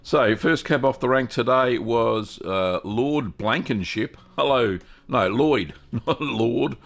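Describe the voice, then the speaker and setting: A man with an Australian accent hosting a live stream, greeting viewers one by one in a relaxed, chatty way. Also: mid-range voice, slow pace, gravelly. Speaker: host of a cheese-making livestream. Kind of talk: casual live-stream chat.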